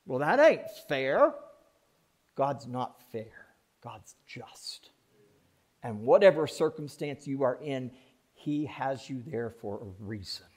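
A man's voice: medium pitch, darkish tone, breathy edge. Pastor guy preaching, folksy and blunt, swoops up and down a lot. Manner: folksy, plain-spoken, mock voices for effect. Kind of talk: sermon.

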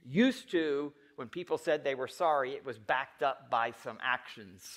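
A male pastor delivers an unhurried sermon, alternating quiet, low delivery with loud, insistent stretches while questioning the congregation directly.

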